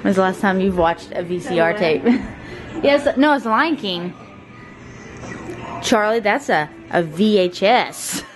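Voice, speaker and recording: A woman's voice: medium pitch, animated, a little slow, long pauses, over music. A woman chatting casually to her camera on a family trip, laughing often and talking to her young child. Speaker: family vlogger, mother. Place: lakeside rental then small beach, outdoors and indoors.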